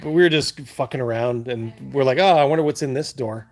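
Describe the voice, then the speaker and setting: A man's voice: medium pitch, a little fast. A man hosting a live stream, casually telling stories to chat, rambling and laughing as he goes. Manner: rambling, laughing, acts out his own panic loudly. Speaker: livestream host.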